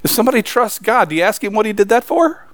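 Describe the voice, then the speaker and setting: A man's voice: high voice, lively intonation, fast talker, a bit bright, no room sound. A man preaching a sermon, emphatic and pressing the congregation with rhetorical questions.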